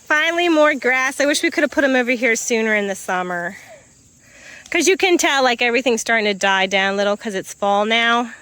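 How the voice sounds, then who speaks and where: Chatty high-voiced woman on her farm. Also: expressive, a little fast, pushed and bright. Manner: chatty, switches to high baby-talk with animals. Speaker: farm vlogger. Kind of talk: casual vlog narration while doing farm chores. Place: outdoors on a farm pasture. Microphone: phone held while walking.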